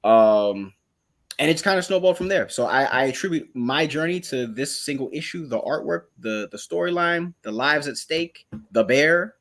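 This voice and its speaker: A young man with a slightly high voice talks comics on a casual podcast. He is animated and drops into quick character voices as he retells scenes. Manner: animated, acts out characters' lines mid-story. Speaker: podcast co-host. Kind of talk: casual comic book chat.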